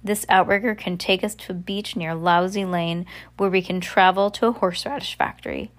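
A woman voicing a calm, manipulative old man who leads a group, in a read-aloud novel. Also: fairly low pitch, brisk, close to an everyday voice. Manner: calm and smooth.

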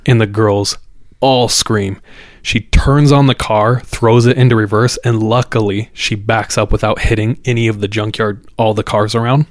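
A man's voice: fairly low pitch, steady tone, normal speed, no echo, clean studio sound. A man casually telling a scary local legend, building suspense and acting out the people in it. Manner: builds suspense, acts out quoted voices. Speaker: storyteller. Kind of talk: casual storytelling.

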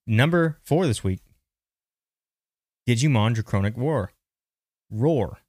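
A man's voice: on the low side, normal speed, dry recording, clean studio sound. A man hosting a podcast, chatting casually and thinking aloud as he gives market commentary, often restarting his sentences. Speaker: podcast host.

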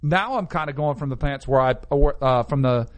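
A man's voice: medium pitch, moderate pace. A man hosting a casual sports chat show, conversational and opinionated. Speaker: sports talk host.

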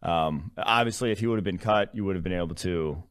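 A man's voice: low voice, fairly quick, smooth. A man co-hosting a sports podcast, explaining his points in a wry, analytical way. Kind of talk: casual sports podcast chat.

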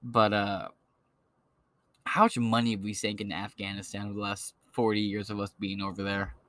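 A man's voice: on the low side, flat delivery, normal speed, a bit bright, dry recording. Crude, mocking male podcast host. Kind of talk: profane political rant.

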